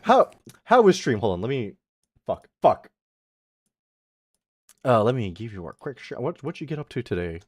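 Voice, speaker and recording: A man's voice: mid-range voice, big pitch swings, normal speed, pauses often, a little mellow, dry recording, studio quality. A young man live-streaming a game, chatting in a rambling, self-mocking way and swearing often. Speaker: VTuber streamer. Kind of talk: casual live-stream commentary.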